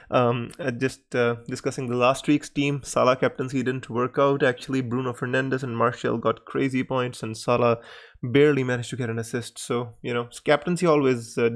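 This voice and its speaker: A man hosting a casual live stream Q&A, greeting viewers by name and talking in a hesitant, pausing way. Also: mid-range voice.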